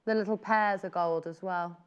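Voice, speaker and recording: A woman's voice: medium pitch, steady tone, normal speed, clear, resonant tone, highs cut off. A woman presenting fabrics on a live shopping channel, chatty and gushing as she exclaims over each print. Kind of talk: live TV selling chat.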